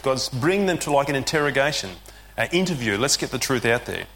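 A man's voice: medium pitch, expressive, fairly quick, fairly bright tone. A man preaching a sermon as pastor, conversational and explanatory with casual fillers.

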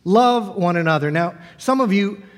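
A man's voice: high voice, animated, normal speed. A middle-aged male pastor preaching a sermon in a church, talking conversationally and acting out the questions of the disciples. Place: church sanctuary. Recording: long reverb of a large hall.

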